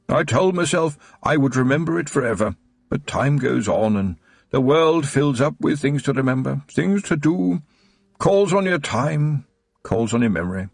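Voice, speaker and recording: A man's voice: mid-range voice, creaky, breathy edge, no room sound, voice pushed up. A man voicing a frail elderly baron in an audiobook, speaking in a trembling, wistful old man's voice. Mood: dazed. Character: frail elderly male baron, tearful and joyful.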